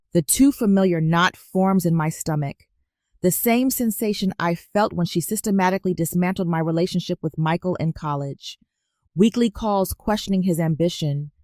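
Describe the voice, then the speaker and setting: A woman narrating a first-person story as scripted narration in a measured, even storytelling delivery. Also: on the low side, no room sound, studio quality.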